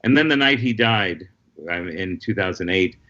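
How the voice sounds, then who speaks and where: A man, a guest comedian, telling lively anecdotes in casual conversation over a video call. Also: low-pitched, highs cut off. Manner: lively anecdotal storyteller, quick asides. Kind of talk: casual storytelling chat.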